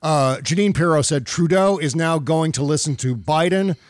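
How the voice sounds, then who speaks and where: A man's voice: fairly high pitch, moderate pace, no echo, studio quality. A man hosting a casual political podcast, sarcastic and swearing, laughing often. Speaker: podcast host.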